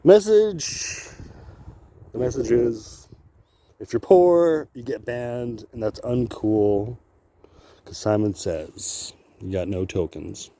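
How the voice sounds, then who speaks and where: A vlogger holds a camera on himself while strolling a wooded trail outside. He has a warm, medium-pitched voice, swearing and wandering from point to point, frequently breaking into laughter.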